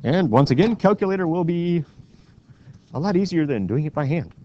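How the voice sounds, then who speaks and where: A man teaching a classroom math lesson, walking students through each step and often checking in with a quick question. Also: a little high, animated, warm tone. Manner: walks students through steps with frequent questioning "right?". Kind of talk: classroom lecture. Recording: dull lo-fi classroom recording with faint noise.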